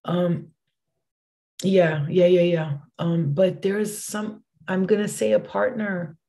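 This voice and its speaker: A woman's voice: on the low side, little pitch movement, slow, vocal fry, warm tone. A woman giving a casual livestream tarot reading, chatty and rambling, swearing casually as she goes. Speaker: tarot card reader.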